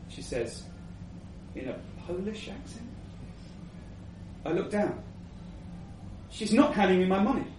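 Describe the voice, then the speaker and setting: Man reading a story live, lively and slow. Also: high-pitched, a little hiss or hum. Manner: unhurried, lively delivery with acted asides. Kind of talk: first-person story reading to a live audience. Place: live event venue before an audience. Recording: echoey venue from a distant mic.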